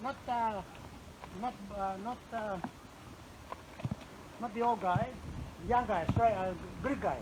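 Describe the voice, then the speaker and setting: A soft-spoken local man who talks in short, halting bits with small laughs, recorded outdoors on a town street. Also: sits high. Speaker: local resident greeting the walker. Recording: distant from the mic, heavy street noise.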